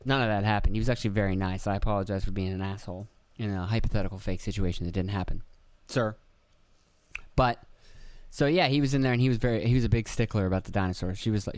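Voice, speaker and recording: A man in his thirties from Pennsylvania hosts a podcast and rambles through profane stories about his kids. His voice is smooth and clear, and it sits close and dry on the mic with no room sound. He breaks into other people's voices as he goes. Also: fairly low pitch, no echo. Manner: profane, rambling storyteller who acts out quoted voices. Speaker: podcast host. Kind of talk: casual rambling monologue.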